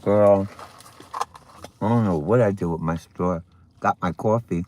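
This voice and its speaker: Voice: low-pitched, measured pace, darkish tone, slight background noise. A livestream host chatting casually with viewers during a morning stream, eating breakfast while talking, with sassy, playful asides. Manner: chatty, talks to viewers between bites of breakfast.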